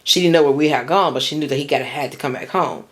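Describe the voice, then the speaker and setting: A woman's voice: sits low, fast. A young woman telling a personal story in a casual, rambling way, with lots of restarts and slang.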